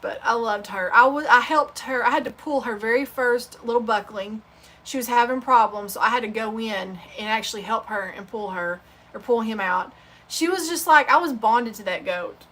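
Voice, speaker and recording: A woman hosts a sewing channel livestream and chats in a loose, rambling way. Her stories come out heartfelt and unpolished. Her voice sits a touch high and sounds bright and forward. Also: moderate pace. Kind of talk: casual livestream chat.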